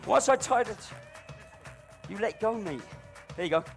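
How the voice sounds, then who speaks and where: Middle-aged guy with a really high voice doing cheeky balloon-act patter on stage, faint music behind. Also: expressive, a little slow, vocal fry. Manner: cheeky, cajoling banter with audience volunteer. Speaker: balloon performer. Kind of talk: live stage comedy patter. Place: stage before a live audience.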